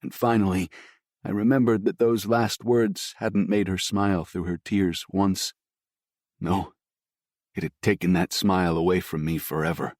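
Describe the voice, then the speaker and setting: Deep low guy narrating a story, slow and somber, dry close mic, no room at all. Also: steady tone, a little mellow, no echo. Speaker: audiobook narrator. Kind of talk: scripted first-person narration.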